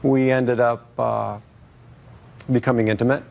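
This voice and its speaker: Man, plaintiff, mid-pitched, rambling, halting, recounting at length in court. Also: level tone, vocal fry, phone-quality sound. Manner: rambling, hesitant, many fillers and restarts. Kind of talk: testimony in court.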